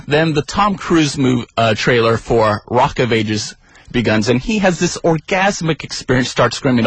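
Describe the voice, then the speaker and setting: A man's voice: medium pitch, a bit bright, slightly rough, no echo, rough recording. A young man telling a funny personal story as a radio guest, wry and self-deprecating.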